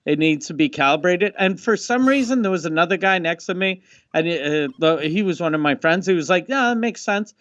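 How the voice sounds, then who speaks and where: A man on a casual comedy podcast telling a halting, exasperated story with many pauses and swearing, heard through a dull, dry mic. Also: high voice, animated, fairly bright tone, no echo. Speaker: podcast co-host.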